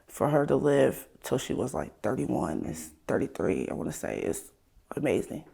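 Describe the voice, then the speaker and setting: Gravelly-voiced woman telling her story. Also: rumbling low, sing-song, normal speed. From Ohio. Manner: candid, casual, drifting into a soft trailing voice. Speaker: guest. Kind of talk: emotional personal interview.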